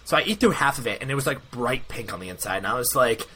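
A man's voice: mid-range voice, quick pace, slight background noise. A young man co-hosting a podcast, telling a long rambling story in casual chat and acting out what everyone said. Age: young adult. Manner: rambling, animated, quotes himself often. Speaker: podcast co-host.

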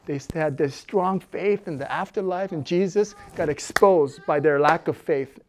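There's a little hiss or hum as a middle-aged woman pastor preaches in an unhurried, low voice. Her sermon is animated, shifting from loud exhortation to quiet intensity, and she laughs often.

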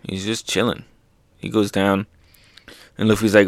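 Young man, excitable comic reactor, unhurried delivery, dry close mic, laughs and sound effects. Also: fairly low pitch, no echo.

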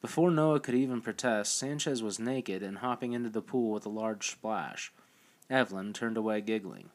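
Low-voiced male audiobook narrator. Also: moderate pace.

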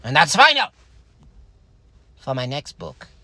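A man's voice: medium pitch, huge pitch swings, slow pace, pushed and bright, exaggerated voice. A man doing a stammering, self-important British atheist author and father with a British accent, as a comedy bit. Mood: smug, pompous. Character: smug pompous male atheist author and father, an impression. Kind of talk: comedic character voice on a stream.

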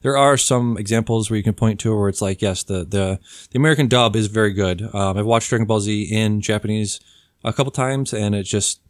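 A man with a fairly low voice hosts a relaxed podcast chat. He steers the talk with quick questions, recorded dry and close with no room sound. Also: no echo. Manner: leads questions, quick lightning-round prompts. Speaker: podcast host. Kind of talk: casual chat.

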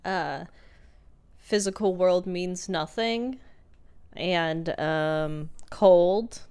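A woman in casual chat who speaks softly and hesitantly, often trailing off. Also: fairly low pitch, extremely slow, clear, resonant tone.

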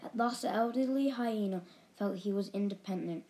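A woman narrating a children's storybook with a lively, expressive delivery. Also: medium pitch, moderate pace, rough recording. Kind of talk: storybook reading.

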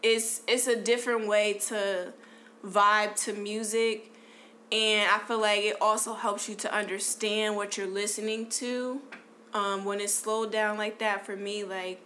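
A woman's voice: medium pitch, a little slow, a little hiss or hum. A woman hosting a podcast, chatting casually and loosely with lots of slang and fillers. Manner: relaxed, slangy, lots of "like" and "you know". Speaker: podcast host.

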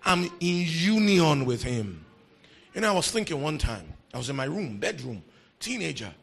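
A man preaching a sermon, emphatic and repeating key phrases, swinging between quiet talk and shouting. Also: fairly high pitch, sing-song, normal speed, vocal fry, husky. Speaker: pastor.

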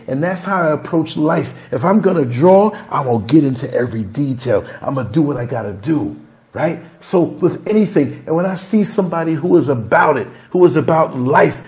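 A man's voice: on the high side, a little mellow. A man hosting a candid podcast conversation, telling stories in an emphatic, emotional, freewheeling way. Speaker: podcast host.

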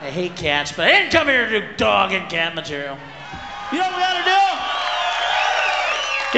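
A man doing a loud, profane stand-up comedy set, ranting and breaking into screaming shouts as he mocks the voices of others. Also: high-pitched, huge pitch swings, normal speed, long pauses. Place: large live venue with audience. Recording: roomy live concert recording with crowd noise.

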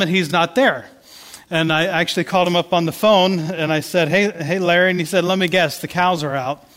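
A man's voice: on the high side, a bit bright, in a large hall. A man giving a sermon, telling a story in a conversational way with many restarts. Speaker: pastor.

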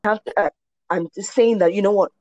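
A woman's voice: medium pitch, a little fast, no room sound. A woman in her forties from Nigeria, telling her faith testimony as a guest and acting out the voices of the people in it. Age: 40s. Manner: animated storyteller, acts out quoted voices.

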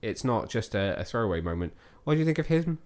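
A man's voice: on the low side, very animated, fast talker, a little mellow. A man hosting a casual film review chat, rambling a little and asking his co-host questions. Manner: rambling, many restarts, asks questions. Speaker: podcast host.

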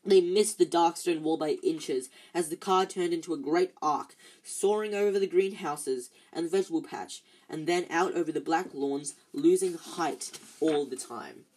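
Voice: mid-range voice, moderate pace, few pauses, a little mellow. An amateur reader, tired, reading a novel aloud with frequent slips and restarts. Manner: stumbles and restarts often, tired.

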